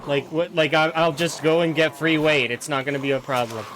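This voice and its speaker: A man's voice: on the high side, fairly even intonation, brisk, a bit bright, a little hiss or hum. A man giving casual, rambling commentary while playing a game, often restarting his words and brushing off complaints. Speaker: streamer.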